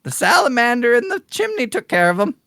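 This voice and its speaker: Squawking, cheeky raven, put on by the game master: high, bouncy delivery, dry close sound. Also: sing-song, brisk, a bit bright, no room sound. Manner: squawks repeated phrases, chatty and cheeky. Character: squawking pet raven, pushy and talkative.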